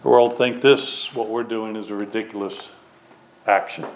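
A man preaching a sermon in an earnest, halting way, with restarts and fillers, loud on key lines and dropping quiet at their ends. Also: fairly low pitch, fairly even intonation, low-quality recording. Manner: swings between loud emphatic lines and dropped, quiet endings.

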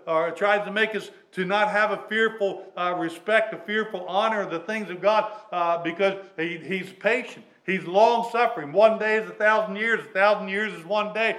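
Earnest man preaching, pitch a touch high. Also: poor audio. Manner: earnest, halting preaching with many restarts and fillers; swings between loud emphatic lines and dropped, quiet endings. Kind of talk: sermon.

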